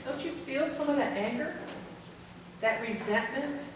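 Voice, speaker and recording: A woman's voice: sits high, unhurried, noisy background. A woman giving a candid, self-deprecating talk at a caregiver symposium, joking with the room. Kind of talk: conference talk to an audience. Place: large conference hall. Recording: very echoey hall, voice from far off.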